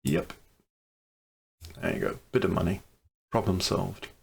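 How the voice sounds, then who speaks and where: A man's voice: low-pitched, level tone, measured pace, gravelly, husky. A man giving casual commentary on a strategy game he is playing, thinking aloud over each choice with dry, wry asides. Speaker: let's play commentator.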